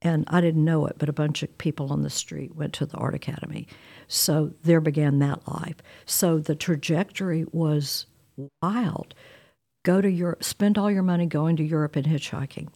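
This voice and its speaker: A woman's voice: deep voice, normal speed. A woman, telling a personal story in a candid, wry way. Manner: candid, wry, animated retelling with quoted dialogue.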